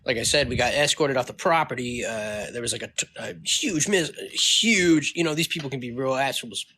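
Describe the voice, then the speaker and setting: A man's voice: mid-range voice, fairly quick, pushed and bright, slight background noise. Profane ranting man telling a story. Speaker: vlogger. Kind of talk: casual ranting vlog. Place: California.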